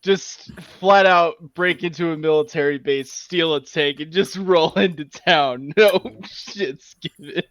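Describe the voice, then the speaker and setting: Man, slow talker, higher pitch, dry close sound, playful. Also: a bit bright, no echo. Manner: laughing, silly suggestions. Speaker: player. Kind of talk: casual chat at a tabletop game.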